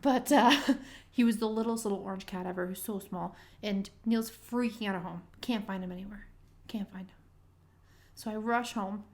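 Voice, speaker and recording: A young woman co-hosting a podcast, telling animated stories and swearing casually. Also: medium pitch, normal speed. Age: young adult. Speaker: podcast co-host. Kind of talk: casual chat.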